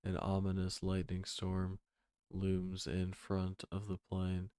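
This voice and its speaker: Deep, sleepy male narrator, droning comic script read, slow and dark. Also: clear, resonant tone. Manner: drowsy monotone.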